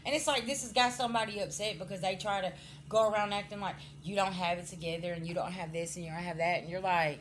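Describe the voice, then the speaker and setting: A woman's voice: lowish voice, steady tone, fast, a little hiss or hum. Blunt, scolding woman giving a spiritual reading. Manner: blunt, scolding, swears freely; addresses viewers directly, frequent "okay?" checks. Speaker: spiritual card reader. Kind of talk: casual spiritual reading to camera.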